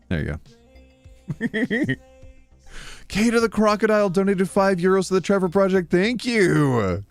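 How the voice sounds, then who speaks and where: A man chatting casually on a live stream, playful and quick to laugh as he thanks viewers. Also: sits high, wildly swooping pitch, no echo, faint music behind. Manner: playful, reads donations aloud, laughs often.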